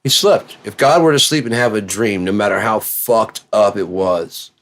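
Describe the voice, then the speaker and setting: A man with a low-pitched voice rambles through a profane monologue. He drops to quiet mutters, then bursts into loud, excited yelling. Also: normal speed.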